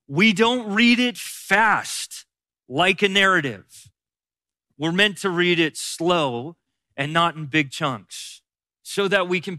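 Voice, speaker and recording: High, bright-voiced man teaching Scripture. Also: no echo, studio quality. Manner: conversational, repeats key phrases for emphasis. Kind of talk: Bible teaching talk.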